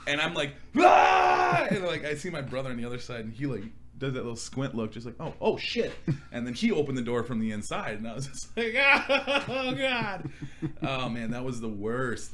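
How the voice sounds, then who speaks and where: A man's voice: mid-range voice, fast talker, hardly any pauses, a little hiss or hum. A young man co-hosting a casual chat, telling crude stories with lots of laughter and animation. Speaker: podcast co-host.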